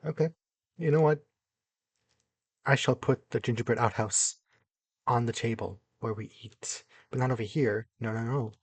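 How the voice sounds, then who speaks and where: Husky young man building and exclaiming. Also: medium pitch, normal speed, pauses often, no echo. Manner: excitable, talks to himself while building, jumps between mumbling and loud exclamations. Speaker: gaming YouTuber. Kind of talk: casual gameplay commentary.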